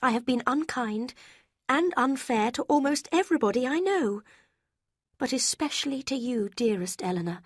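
A woman voicing an emotional, remorseful young woman with a high, slow, heartfelt delivery. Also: lively intonation, no room sound, studio quality. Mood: earnest, remorseful.

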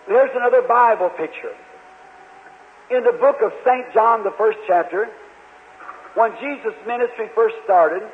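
Man, preacher, high voice, earnest storytelling sermon, long hall reverb, old tinny recording. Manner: earnest storytelling, quotes characters, halting restarts. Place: large church hall.

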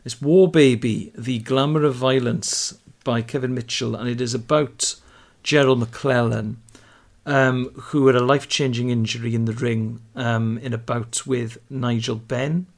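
A man with a Welsh Carmarthen accent chats on a comedy podcast, talking over a video call link. He sounds enthusiastic and playful and laughs easily, with a voice of middling pitch. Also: steady tone, a little slow. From Wales. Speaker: co-host. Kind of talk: comic podcast banter.

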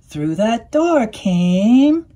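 Slow, soft-toned woman reading a story. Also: fairly high pitch. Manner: animated character voices. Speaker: storybook reader. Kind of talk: read-aloud storytelling.

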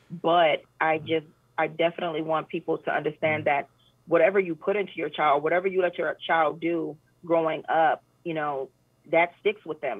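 A woman guest talking earnestly in a casual interview chat, often animated and full of fillers. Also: low voice, husky, no room sound. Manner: earnest, animated when retelling, many fillers. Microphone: phone call. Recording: tinny phone line.

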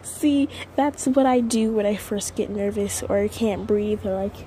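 A woman's voice: medium pitch, a little slow, mellow, a little hiss or hum, poor audio. A woman vlogging casually at home to her viewers, nervous and rambling, close to tears. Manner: nervous and rambling, with many restarts and sighs.

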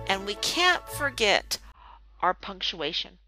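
A woman teaching a reading lesson, sounding out words one by one with careful, clear enunciation. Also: medium pitch, animated, slow, sharp tone, faint music behind. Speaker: phonics teacher.

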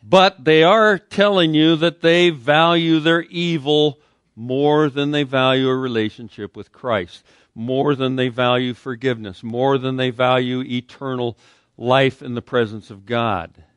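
Pastor, male, mid-pitched, conversational preaching, dry close sound. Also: steady tone, unhurried, fairly bright tone, smooth, no echo. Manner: conversational preaching with fillers and acted quotes. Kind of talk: sermon. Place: church sanctuary.

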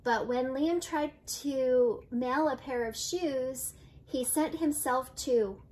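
With a high voice and a slow pace, an older woman reads a picture book to children the way a grandmother would, gently and with light character voices.

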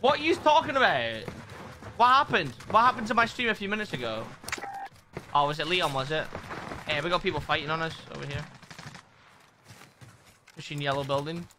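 Excitable swearing male streamer. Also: a little high, a little fast, long pauses, background noise. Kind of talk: casual gaming chat. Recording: game gunfire behind voice.

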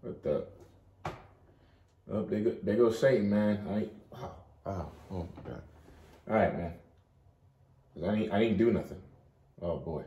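Low-voiced man teaching the Bible. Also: dark tone, echoey room, lo-fi sound. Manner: loose and chatty, reads scripture aloud slowly. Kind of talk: informal livestream Bible study.

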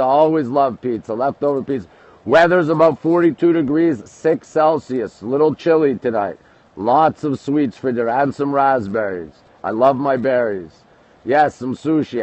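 A man's voice: medium pitch, moderate pace, darkish tone. A man from Canada hosting a casual late-night livestream from a rooftop, chatting with viewers and answering their comments. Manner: chatty, answers viewers one after another. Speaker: livestream host. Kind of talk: casual live-stream chat reading comments. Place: rooftop outdoors at night in the city. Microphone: phone. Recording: dull lo-fi phone audio.

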